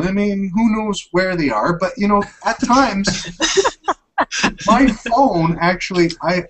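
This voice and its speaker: A man's voice: high voice, a bit bright, a little hiss or hum, low-quality recording. A man hosting a casual tech podcast, chatty and upbeat, rambling as he talks. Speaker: tech show host.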